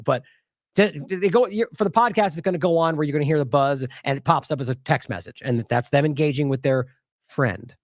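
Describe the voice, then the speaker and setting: A man's voice: on the high side, dry recording, clean studio sound. A man hosting an independent news show, commenting indignantly on clips with sarcastic asides.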